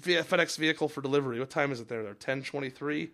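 A man's voice: medium pitch, fairly bright tone, no room sound, studio quality. A man co-hosting a podcast in casual banter, ranting and swearing freely. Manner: fast, profane, ranting. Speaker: podcast co-host.

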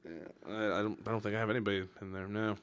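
A young man co-hosting a podcast, rambling and animated in casual chat. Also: on the low side, racing, smooth. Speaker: podcast co-host.

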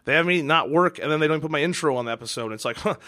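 A man's voice: on the high side, racing, bright, forceful tone. A man hosting a podcast, ranting in a rambling, exasperated way with lots of restarts. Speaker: podcast host. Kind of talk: casual monologue.

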